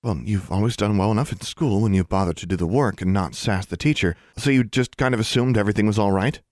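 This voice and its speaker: Man doing a middle-aged mother, audiobook character, clipped, defensive, low, dry. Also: quick pace, a little mellow, dry recording, natural voice. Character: weary ordinary middle-aged mother, guarded.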